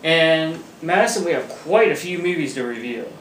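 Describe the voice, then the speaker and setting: A man hosting a casual home movie review, chatting in a relaxed way and laughing between points. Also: on the high side, normal speed. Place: room at home by a table. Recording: roomy echo, mic far off, faint hiss.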